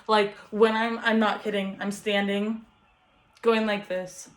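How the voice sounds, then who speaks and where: A woman's voice: mid-range voice, flat delivery, slow pace. A young woman, a first-time mother, talking earnestly and encouragingly to camera at home, often laughing. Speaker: vlogger, first-time mom. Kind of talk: heartfelt vlog talk to camera. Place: home bedroom with ring light.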